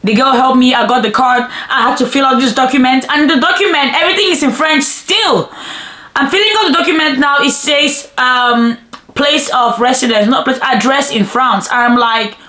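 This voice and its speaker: A woman of twenty telling a personal story in a chatty, animated vlog style, often addressing viewers as "bro" and "guys". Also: sits high, normal speed, reverberant. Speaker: vlogger.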